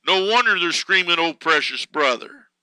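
A man preaching a sermon fervently, swelling louder and slower on key words. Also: sits high, expressive, smooth, no echo, poor audio.

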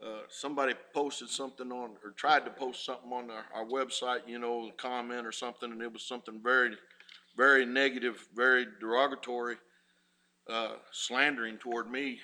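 A man's voice: mid-range voice, level tone, a little fast, sharp tone. A man preaching a sermon as pastor, folksy and rising in fervor.

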